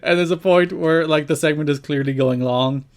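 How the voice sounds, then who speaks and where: A man's voice: a little high, normal speed. A man co-hosting a podcast, recapping at length in an enthusiastic, casual way. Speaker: podcast co-host. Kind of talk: casual chat.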